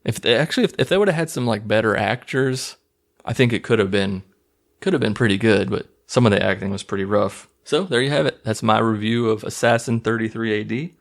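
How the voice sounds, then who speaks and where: Low gravelly man recapping a movie. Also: a little fast. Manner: rambling, profane, laughing at scenes. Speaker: movie review host. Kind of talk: casual movie recap monologue.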